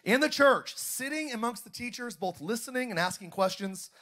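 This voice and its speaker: A man's voice: very high voice, animated, normal speed, pushed and bright. A young adult man, a pastor, preaching a sermon in a church auditorium and drawing call-and-response from the congregation.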